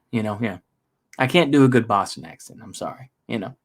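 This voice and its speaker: A man's voice: lowish voice, animated, brisk. An American man giving a casual, rambling political monologue. He is self-deprecating and uses lots of fillers. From United States. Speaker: political vlogger.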